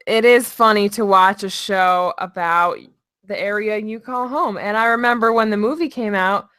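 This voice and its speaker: A woman from North Dakota co-hosting a casual podcast, chatty and quick to laugh. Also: medium pitch, fairly bright tone, smooth, no echo, clean studio sound. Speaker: podcast co-host. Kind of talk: casual chat.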